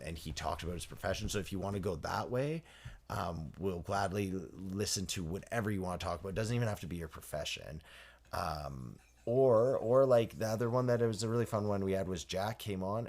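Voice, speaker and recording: Low-voiced rambling podcast host. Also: male voice. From Canada. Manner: rambling, self-correcting, laughs easily. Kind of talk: casual podcast chat.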